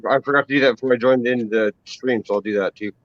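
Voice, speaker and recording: A man joining a livestream chat as a guest, talking quickly and stumbling over his words. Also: medium pitch, steady tone, no echo, highs cut off. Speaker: stream guest. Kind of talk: casual chat.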